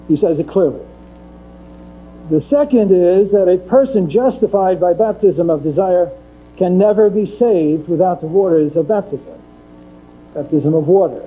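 High-voiced man giving a methodical lecture. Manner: methodical, repeats key points for emphasis. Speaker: Catholic lecturer. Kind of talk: theology lecture. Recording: tinny phone-like recording with mains hum.

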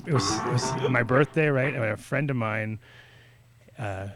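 An animated man spins a story in casual chat, swearing freely and jumping into quoted voices. His pitch sits in the middle for a man, and his pace changes with the story. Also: unhurried, soft background music. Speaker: podcast guest telling a story.

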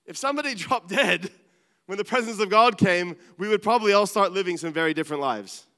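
A middle-aged man preaching with earnest, animated delivery that sometimes drops to quiet asides. His voice is smooth and resonant, a little higher than most men's. It rings out with the long reverb of a large church hall. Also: brisk. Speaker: pastor. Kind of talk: sermon.

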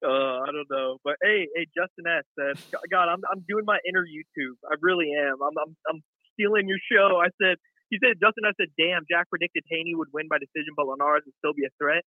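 A man's voice: fairly high pitch, fast, dry recording. A man calling into a live show, rambling casually with lots of fillers and teasing the host. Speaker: caller. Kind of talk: casual chat over a phone call. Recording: tinny phone line.

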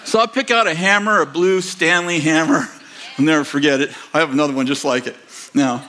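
Older male pastor, sixties, high-pitched, rambling storyteller who acts out quotes in a sermon. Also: brisk, sharp tone. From United States. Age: 60s. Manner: rambling, self-correcting anecdotes with acted-out quotes. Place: church auditorium.

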